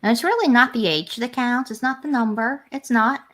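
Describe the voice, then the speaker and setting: A woman's voice: a little high, fairly quick, fairly bright tone. A woman hosting a casual livestream chat and reading out viewer comments, talking in a rambling way with frequent restarts. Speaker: livestream host.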